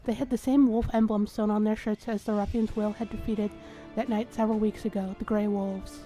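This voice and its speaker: A woman host reading a story game's first-person narration aloud in a steady manner. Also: mid-range voice, a little fast, faint music behind.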